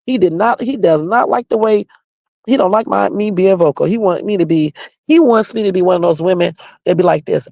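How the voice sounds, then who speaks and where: A woman's voice: fairly low pitch, a little fast, a little mellow, no echo. A woman hosting her own livestream, bluntly and confrontationally sounding off while talking straight to her viewers. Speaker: livestream host. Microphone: home livestream setup.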